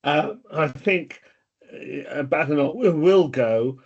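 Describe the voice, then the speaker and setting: A man's voice: on the high side, lively intonation, takes it slowly, a little mellow, slightly rough, highs cut off. A man on a political podcast panel, explaining his views at length. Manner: opinionated, expansive explanations. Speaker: political commentator. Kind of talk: casual political chat.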